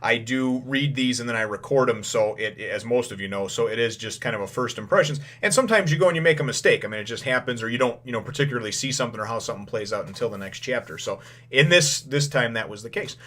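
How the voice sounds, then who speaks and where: Male host, mid-pitched, casual first-impressions recap, rambling, loose paraphrased dialogue. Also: fairly bright tone. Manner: rambling, full of filler phrases; acts out lines in quick paraphrase. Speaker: manga chapter reviewer.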